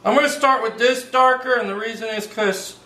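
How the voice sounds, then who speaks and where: Male drawing tutor, playful and upbeat, high bright voice, recorded in an echoey room. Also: fairly even intonation, brisk. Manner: upbeat, playful, calls things "baby", breaks into little sung bits. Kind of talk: casual step-by-step drawing lesson.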